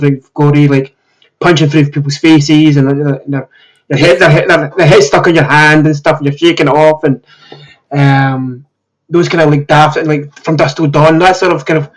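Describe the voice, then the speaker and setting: A slightly hoarse man hosting a podcast, chatting casually and rambling with many filler words. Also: on the high side, rough recording. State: slightly hoarse, recovering from illness. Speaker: podcast host. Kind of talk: casual chat.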